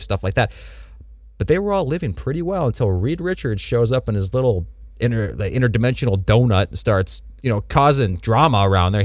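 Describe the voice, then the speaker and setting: A young man talks casually and animatedly in a lowish voice, slangy and playful. He sounds dry and close, with little room around him. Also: no echo. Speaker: podcast co-host. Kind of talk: casual comic book discussion.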